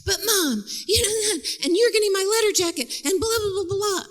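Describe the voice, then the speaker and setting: A woman's voice: extremely high pitch, animated, a little fast, pitched above the performer's own voice. Whiny teenage girl. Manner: whining, escalating, near tears. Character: whiny pleading teenage girl arguing with mom.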